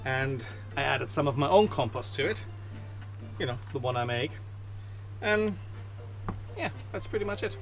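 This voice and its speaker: Lively, chatty gardening man. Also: medium pitch, normal speed, long pauses, faint music behind. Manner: chatty, self-mocking asides. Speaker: gardening video host. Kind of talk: casual how-to chat. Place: outdoor garden.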